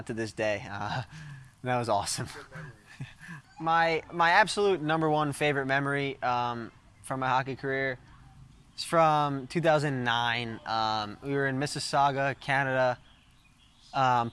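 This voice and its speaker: A man in his thirties from the St. Louis area talks through his hockey memories as an interview guest. His voice is smooth and clear at a middle pitch. He rambles with lots of fillers and laughs easily along the way. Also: fairly bright tone. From St. Louis, USA. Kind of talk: casual interview storytelling.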